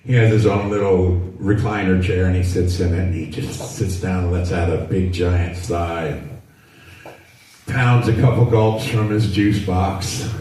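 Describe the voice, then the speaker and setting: A man's voice: sits low, unhurried, mellow. A man in his sixties doing a stand-up routine in a dry, rambling storytelling way. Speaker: stand-up comedian. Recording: echoey venue, mic from far off, faint noise.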